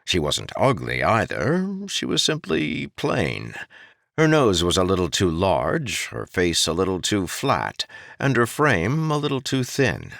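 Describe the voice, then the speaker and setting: A man narrating a fantasy audiobook in an expressive storytelling manner, shifting into voices for the characters. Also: low voice, vocal fry, no room sound, studio quality.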